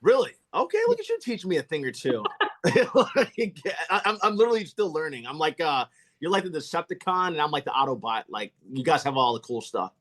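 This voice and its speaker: Brief: male podcast host, higher-pitched and very lively, gushing and self-deprecating. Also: fast talker. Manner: enthusiastic, effusive, self-deprecating. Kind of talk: casual interview chat.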